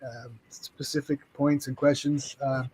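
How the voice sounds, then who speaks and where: A man's voice: medium pitch, flat delivery, normal speed, darkish tone, breathy edge. A man, a game publisher guest, talking casually on a video call, friendly and rambling with frequent restarts.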